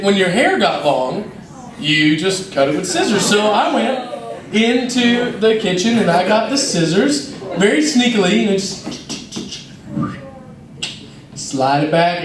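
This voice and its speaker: A young man, a youth minister telling lively, self-mocking stories to a youth service. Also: high voice. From North Georgia, USA. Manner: lively, self-mocking storyteller who acts out scenes. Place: church hall. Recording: roomy hall, mic at a distance.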